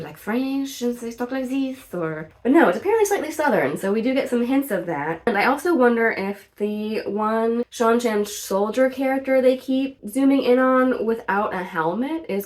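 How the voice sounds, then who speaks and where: A woman talking through a casual TV show review in a chatty, animated way, full of "like" fillers and the odd blunt swear. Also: a little high, normal speed, few pauses. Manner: outspoken, swears in mock outrage. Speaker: video reviewer.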